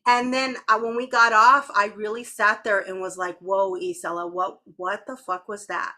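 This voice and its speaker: A woman's voice: mid-range voice, fairly even intonation, moderate pace, few pauses, bright, forceful tone. A woman co-hosting a podcast, chatting candidly, swearing freely and laughing often. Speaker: podcast co-host. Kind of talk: casual chat.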